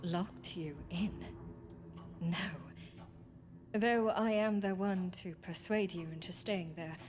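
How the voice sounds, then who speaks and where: A woman's voice: on the low side, steady tone, slow, a little mellow. A woman voicing a possessive, whispering old friend. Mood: pleading. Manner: formal, archaic phrasing, slipping into whispers. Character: devoted, possessive old friend, quietly menacing. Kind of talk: visual novel voice acting. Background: game soundtrack music.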